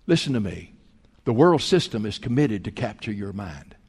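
A man preaching a sermon as pastor, telling folksy stories and swinging between loud and hushed. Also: lowish voice, big pitch swings, moderate pace, husky, in a large hall. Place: church sanctuary.

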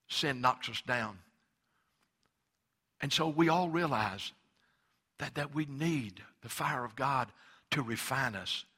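A man preaching a sermon as pastor, going from quiet explanation to loud, impassioned preaching. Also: medium pitch, slightly rough.

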